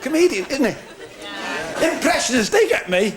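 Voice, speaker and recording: High, lively male stand-up comedian. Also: normal speed. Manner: chatty, full of asides like "you know". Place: club stage before a laughing audience. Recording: crowd noise, noisy 1970s TV recording.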